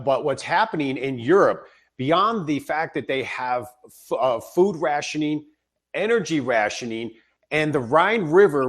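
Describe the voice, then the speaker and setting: A man guest giving a matter-of-fact briefing on world economic news as a sponsor pitch.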